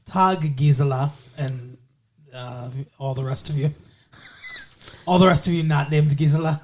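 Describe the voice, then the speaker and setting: A man's voice: on the high side, lively intonation, takes it slowly, pauses often, a little mellow. A man co-hosting a podcast in casual chat, joking and rambling. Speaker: podcast co-host.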